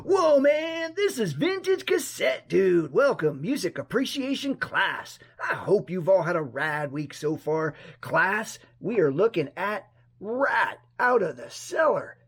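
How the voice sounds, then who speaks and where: A man putting on a laid-back surfer-dude voice to host a cassette music class, with husky slang-filled delivery. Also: high voice, very animated, takes it slowly, fairly bright tone, full character voice. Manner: drawling, upbeat surfer slang. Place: room at home. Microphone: action camera on a mini tripod.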